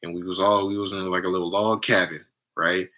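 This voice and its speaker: A man hosting a casual spiritual talk with his community, animated and preachy, often checking in with "right?" and "family.". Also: low-pitched, brisk. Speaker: livestream host talking to his community.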